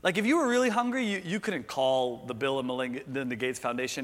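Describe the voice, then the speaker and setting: A man's voice: mid-range voice, fairly quick, fairly bright tone, big-room sound. A man preaching a sermon in an earnest, conversational way, full of rhetorical questions. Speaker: pastor.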